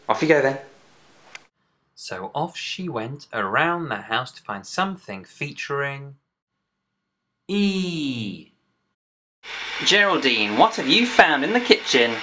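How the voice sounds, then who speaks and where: A woman's voice: low voice, fairly bright tone. A woman presenting a children's phonics lesson. She chats playfully and teasingly with a puppet. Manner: chatty, teasing teacher talking to a puppet.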